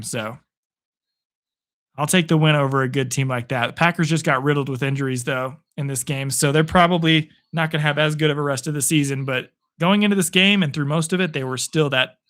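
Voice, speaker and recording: A young man from Arizona, hoarse after a long day, casually calling football play by play on a live stream and chatting with viewers, rising with excitement on big plays. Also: fairly high pitch, a little fast. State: hoarse, voice worn out.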